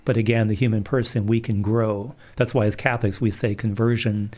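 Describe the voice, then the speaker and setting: A middle-aged man, a Catholic priest, calmly telling stories in an interview. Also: lowish voice, a little fast. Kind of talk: storytelling in a livestream interview.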